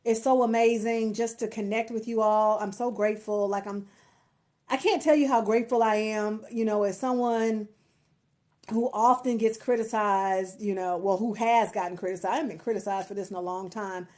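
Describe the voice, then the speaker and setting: A woman's voice: medium pitch, fairly even intonation, normal speed, darkish tone. A woman marketer and empowerment coach chatting to viewers on a phone live stream, effusive and grateful. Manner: effusive, grateful, lots of restarts and laughter. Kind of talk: casual live-stream chat.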